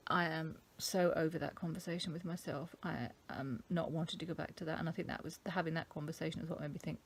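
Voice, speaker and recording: A middle-aged woman from England talking casually to camera, thoughtful and halting, with many ums. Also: sits low, fairly even intonation, vocal fry, breathy edge. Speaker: vlogger. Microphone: camera mic.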